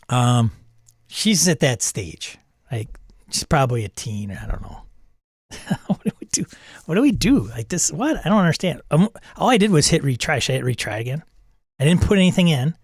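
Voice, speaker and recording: A man's voice: fairly high pitch, very animated, moderate pace, pauses often, husky, no room sound, studio quality. A man casually commenting as he runs a role-playing game with an AI storyteller, thinking aloud and chuckling at it.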